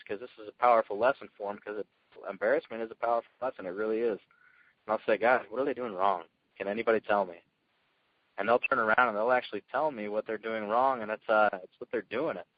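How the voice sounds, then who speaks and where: Man, rapid energetic storyteller, slightly low voice, dull dry call audio. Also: no echo. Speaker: guest speaker. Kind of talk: motivational call talk.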